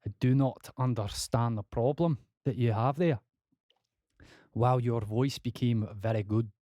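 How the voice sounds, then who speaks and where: A young composer talks casually to his livestream chat while working in software, his medium-pitched voice steady and measured on a dry, lo-fi recording. He swears a lot, pokes fun at himself, and slips into a mock Scottish accent.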